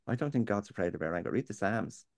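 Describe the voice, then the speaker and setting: A man's voice: lowish voice, lively intonation, fast, creaky, no room sound, clean studio sound. A man, talking earnestly and plainly as a guest on a faith topic, sometimes digressing. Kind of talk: candid conversational chat.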